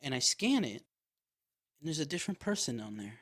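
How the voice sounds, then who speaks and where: Animated, profane man telling a story. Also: on the high side. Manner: animated, profane, quick asides. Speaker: podcast host. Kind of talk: casual solo storytelling.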